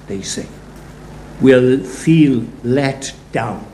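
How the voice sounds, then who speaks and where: Slow, mellow preacher in a roomy space. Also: male voice, medium pitch. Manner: conversational, storytelling preaching with rhetorical asides. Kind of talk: sermon. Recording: roomy echo, faint background noise.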